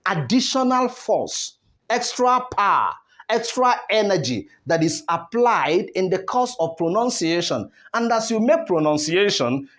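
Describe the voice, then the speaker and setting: Male teacher, slow and lively-pitched, drills stress by repeating words. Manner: rhetorical questions, repeats words with stress contrasts. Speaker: English teacher. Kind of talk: classroom lesson on word stress.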